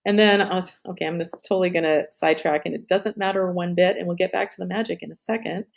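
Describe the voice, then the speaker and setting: A woman's voice: lowish voice, fairly even intonation, quick pace, creaky. A middle-aged woman hosting a live stream in casual chat, rambling off on tangents, swearing and laughing often.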